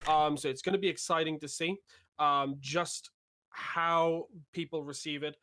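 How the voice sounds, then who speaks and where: A man's voice: fairly high pitch, steady tone, a little slow, sharp tone. A man co-casting a live esports tournament, chatty and wordy with a self-deprecating edge. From United Kingdom. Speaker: esports co-caster. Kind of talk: live game commentary.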